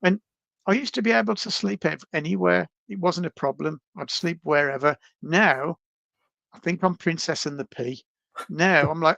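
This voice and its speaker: A man, a podcast guest, telling travel stories in a casual, animated, self-deprecating way over a video call. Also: fairly high pitch, moderate pace, gravelly, dry recording, dull audio. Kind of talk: casual storytelling.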